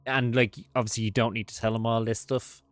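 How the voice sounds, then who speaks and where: A man's voice: medium pitch, flat delivery, a little fast, no room sound. A man running a tabletop horror game as game master, casual and playful.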